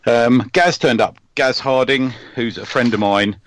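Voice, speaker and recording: A man's voice: mid-range voice, unhurried, a little hiss or hum. A man hosting a podcast, chatting casually and rambling with lots of ums and restarts. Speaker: podcast host. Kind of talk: casual chat.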